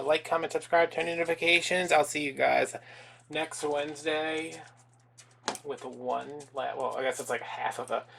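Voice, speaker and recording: A man's voice: mid-range voice, gravelly. A man chatting casually while making a craft at a table, joking and rambling with self-mocking asides. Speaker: DIY craft vlogger. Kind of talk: casual crafting vlog chat. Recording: audible background noise.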